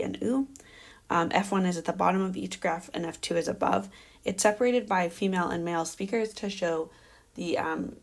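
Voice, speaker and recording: A woman's voice: fairly low pitch, creaky. A young adult woman giving an academic research presentation, explaining carefully with frequent fillers. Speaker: doctoral candidate presenting research.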